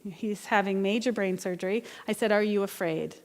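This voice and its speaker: A woman's voice: medium pitch, normal speed, a little mellow, in a large hall. A woman minister delivering an earnest, conversational sermon with personal storytelling. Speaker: guest minister. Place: church sanctuary.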